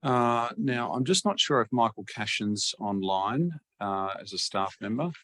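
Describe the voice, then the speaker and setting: A man chairing a council webinar, measured and hesitant with many fillers. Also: fairly low pitch, expressive, a bit bright. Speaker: meeting chair.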